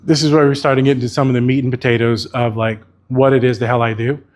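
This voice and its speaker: A man speaks at a conference keynote in a casual, candid way, swearing freely as he talks. His voice sits in an ordinary middle pitch. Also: fairly even intonation, fast. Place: conference venue.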